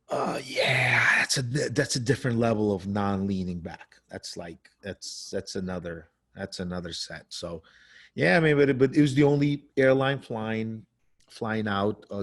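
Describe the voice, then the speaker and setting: A man co-hosting a podcast in casual, loose chat, swearing and laughing often. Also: on the low side. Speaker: podcast co-host.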